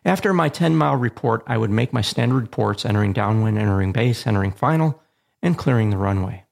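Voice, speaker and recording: Gravelly-voiced man teaching pilot radio procedure. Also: on the low side, expressive, fairly quick. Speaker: aviation radio communication instructor, podcast host. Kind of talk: scripted educational narration.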